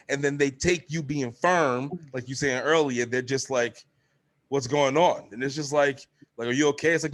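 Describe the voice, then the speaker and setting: A young man hosting a casual podcast, telling animated stories, swearing freely and acting out quotes in a high voice. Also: moderate pace. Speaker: podcast host. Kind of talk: casual chat.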